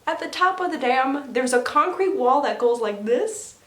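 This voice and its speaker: A woman's voice: high-pitched, lively intonation, moderate pace, a bit bright, slight background noise. A woman vlogger telling a story casually to her viewers, chatty and rambling, with asides and sound effects. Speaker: mermaid performer and vlogger. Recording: roomy echo.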